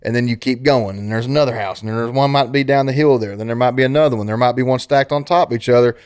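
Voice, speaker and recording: A man's voice: medium pitch, quick pace, a little mellow, clean tone. A man with an Eastern Kentucky accent hosting a podcast, chatting casually and telling rambling, folksy stories. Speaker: podcast host. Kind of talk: casual interview chat.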